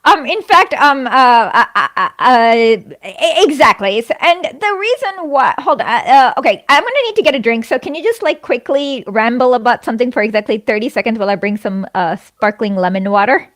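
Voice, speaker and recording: Woman, high voice, quick animated talk, lots of fillers, casual political chat. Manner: fast, animated, many fillers and restarts.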